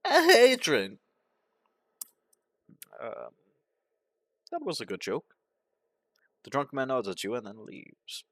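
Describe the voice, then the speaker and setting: A man narrating a game playthrough, reading its events aloud in a deadpan manner. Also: mid-range voice, a little slow, creaky, long pauses, no echo. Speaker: gaming commentator.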